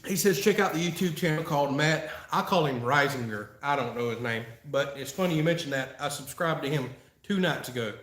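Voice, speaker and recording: A man's voice: on the high side, a little fast, hardly any pauses, a bit bright. A man from Florida, hosting a casual live-stream Q&A and chatting in a folksy way with frequent laughs. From Florida, USA. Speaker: channel host answering live chat. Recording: roomy echo.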